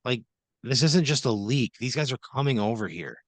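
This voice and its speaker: A man co-hosting a comedy podcast, complaining in an exasperated, profane deadpan. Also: medium pitch, normal speed, no room sound. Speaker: podcast co-host. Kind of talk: improvised comedy.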